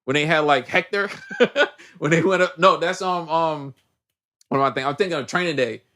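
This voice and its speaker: A man co-hosting a podcast, recapping a movie in casual chat with heavy slang and lively storytelling. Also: fairly high pitch, normal speed. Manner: animated storyteller, heavy slang, acts out characters. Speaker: podcast co-host.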